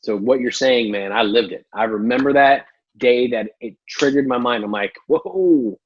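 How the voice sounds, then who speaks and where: A man hosting a podcast interview, asking questions in a relaxed way. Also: mid-range voice, moderate pace, lo-fi sound. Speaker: podcast host.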